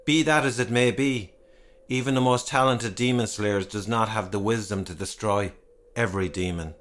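A man doing a forceful, obsessed town leader. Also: fairly low pitch, moderate pace, lightly acted. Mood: commanding. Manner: forceful, commanding, declamatory. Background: music.

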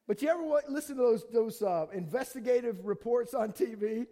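Man, pastor, high voice, casual animated sermon delivery. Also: a little fast, hardly any pauses.

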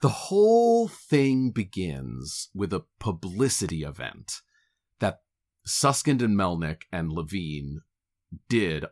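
A man's voice: low voice, huge pitch swings, takes it slowly, a little mellow. A man co-hosting a podcast, chatting casually in a playful, wry way. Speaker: podcast co-host. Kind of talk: casual chat.

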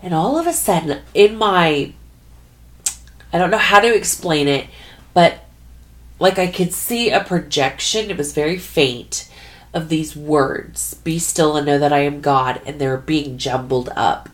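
A woman's voice: deep voice, a little slow. A woman telling a personal faith testimony in an earnest way, searching for her words as she goes. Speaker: Christian speaker.

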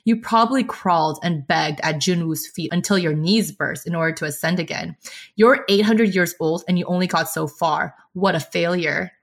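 A woman's voice: medium pitch, expressive, moderate pace, hardly any pauses, fairly bright tone. A woman voicing a spiteful young male ghost cousin, sneering coldly as she reads a novel aloud. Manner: cold, mocking sneer.

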